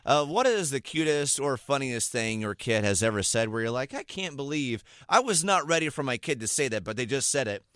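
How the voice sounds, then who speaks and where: A man's voice: mid-range voice, fairly quick, few pauses, smooth, no room sound. A man in his thirties hosting a morning radio show, chatting casually and telling stories with frequent laughter. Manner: animated storytelling, laughs often. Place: radio studio. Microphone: studio microphone.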